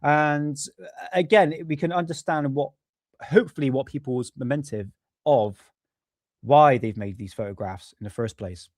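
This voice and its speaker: A man's voice: medium pitch, moderate pace, a little mellow, no room sound, studio quality. Chatty man hosting a stream. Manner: chatty, laughs at viewer comments, drifts back to his notes. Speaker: live stream host. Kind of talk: casual live-stream chat.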